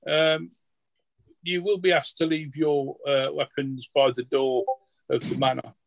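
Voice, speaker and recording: A man voicing a polite male gate guard at a manor, courteous and hesitant, with many pauses and ums. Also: on the high side, level tone, vocal fry, no room sound.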